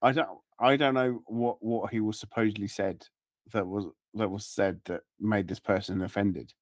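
Low-voiced man co-hosting a podcast. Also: fairly even intonation, moderate pace, no room sound, clean studio sound. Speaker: podcast co-host. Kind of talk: casual comedy podcast chat.

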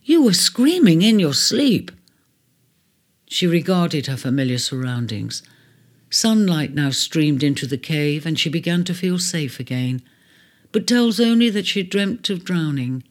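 A storyteller in a gentle, measured reading of a storybook. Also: mid-range voice, expressive. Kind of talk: storybook narration. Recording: faint music bed under the voice.

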